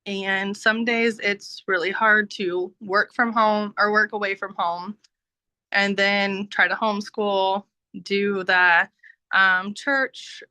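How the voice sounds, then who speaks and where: Bright-voiced woman sharing a heartfelt testimony. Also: medium pitch, level tone, takes it slowly, clean tone, no echo, low-quality recording. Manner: warm, heartfelt, frequent laughs and fillers. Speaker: business team member giving a testimony. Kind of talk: personal testimony on a video call. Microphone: video call.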